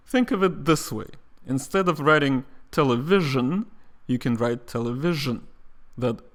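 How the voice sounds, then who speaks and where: Middle-aged Russian-accented man, patient language teacher, models sounds slowly for learners to repeat. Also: medium pitch. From Soviet Union. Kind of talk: online language lesson.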